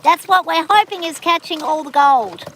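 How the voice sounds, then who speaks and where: A woman's voice: very high-pitched, animated, moderate pace, fairly bright tone, slight background noise. A woman with a rural Australian bush accent, chatting plainly and bluntly as she explains gold prospecting beside a creek outdoors. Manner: plain-spoken, blunt and folksy. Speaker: prospecting livestream co-host. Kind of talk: casual explanatory chat.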